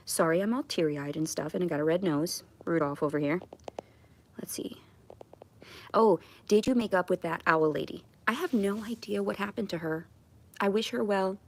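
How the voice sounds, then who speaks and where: A woman chatting on a casual livestream at home, rambling and self-deprecating. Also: fairly low pitch. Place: at home on camera.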